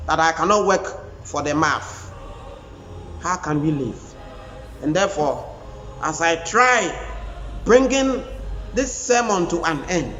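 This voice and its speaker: A man with a Ghanaian English accent preaching a sermon, raising his voice to a shout at points and slipping into Twi. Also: high voice. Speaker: pastor. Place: large church hall. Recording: echoey church hall, dull sound.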